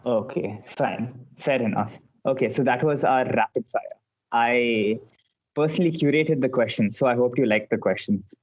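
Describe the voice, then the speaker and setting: A man hosting a casual podcast, relaxed, asking quick questions and laughing often. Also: mid-range voice, lo-fi sound. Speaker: podcast host.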